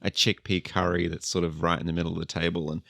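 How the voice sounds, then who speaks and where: Deep, gravelly man narrating a tabletop game. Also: level tone, fast, bright, forceful tone, no room sound, clean studio sound. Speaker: player.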